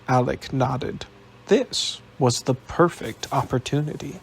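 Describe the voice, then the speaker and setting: A man narrating an audiobook in a steady, even storytelling manner. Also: medium pitch, unhurried, creaky, slight background noise.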